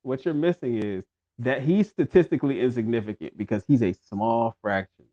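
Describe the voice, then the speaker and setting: A man's voice: mid-range voice, normal speed, dark tone, dull audio. A man co-hosting a casual political chat over a video call, slangy and argumentative, often repeating his words. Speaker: co-host.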